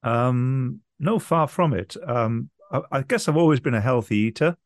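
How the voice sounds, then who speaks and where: A man's voice: medium pitch, normal speed, no room sound. Chatty man, dry close sound. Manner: chatty, anecdotal. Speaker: business founder guest. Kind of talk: interview answers.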